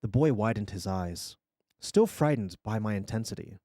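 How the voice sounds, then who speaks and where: A man streamer reading a scary story aloud in an expressive storytelling manner. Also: on the low side, normal speed, no room sound, studio quality.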